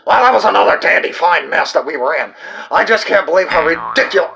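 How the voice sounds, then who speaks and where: A man voicing an excitable stuffed-animal puppet co-host who mocks and gets confused. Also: high voice, quick pace, creaky, heavily acted. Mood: giddy. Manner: bouncy, mocking, confused. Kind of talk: puppet comedy sketch.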